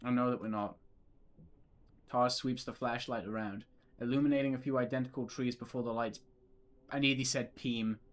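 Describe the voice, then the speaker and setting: A man's voice: medium pitch, fairly even intonation, moderate pace, pauses often. A young man streaming a visual novel, narrating its lines and chatting in a giggly, rambling way with casual swearing. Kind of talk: reading a visual novel aloud with live chat.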